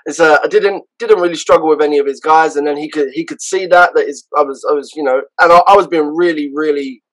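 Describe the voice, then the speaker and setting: A man with a London accent, a podcast guest and karate instructor, telling stories casually in an animated way, with frequent restarts. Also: a little high, fast, low-quality recording. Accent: London English. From London, England. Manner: animated, acts out others' voices, frequent restarts. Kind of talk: casual storytelling.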